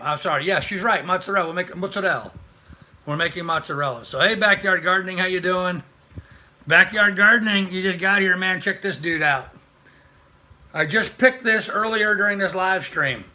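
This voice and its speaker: A man's voice: high voice, normal speed, sharp tone. An older man hosting a casual live stream, rambling and chatty as he greets viewers by name. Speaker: livestream host.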